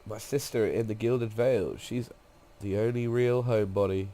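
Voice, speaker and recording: A man's voice: on the low side, normal speed, warm tone, lightly acted. A man with a cold reading aloud the lines of a tough, restless woman guide, raising his voice for her, a little nasal. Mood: plain reading. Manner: reads game dialogue aloud in a raised voice.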